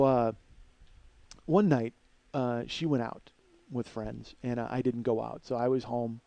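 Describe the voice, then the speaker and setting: A man's voice: medium pitch, mellow, no room sound. A man telling a long comic story, rambling, self-mocking and cursing freely. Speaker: comedian.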